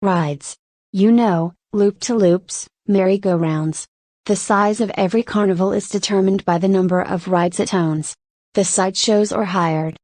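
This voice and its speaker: A woman's voice: mid-range voice, a little slow, a little mellow, dry recording, studio quality, close to an everyday voice. A woman reading aloud as a resolute middle-aged mother who once sang and danced on stage, with a firm, determined manner. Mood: questioning.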